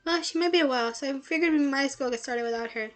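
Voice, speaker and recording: A woman's voice: high voice, very fast, faint music behind, natural voice. A woman reading as a cheerful club leader.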